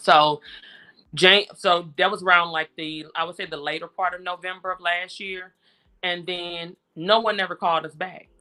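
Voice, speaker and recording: A woman with a bright, forceful voice tells her story as an interview guest. She sounds worn down and frustrated, and she retells each exchange steadily and in detail. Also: on the low side, steady tone, normal speed. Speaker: interview guest, grieving mother. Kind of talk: personal account in conversation.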